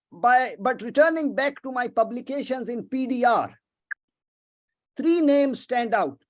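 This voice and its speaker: Brief: older Pakistani-accented male academic, measured and formal with many pauses, lecturing over a video call. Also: very high-pitched. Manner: measured and formal, with frequent hesitations. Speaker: guest speaker.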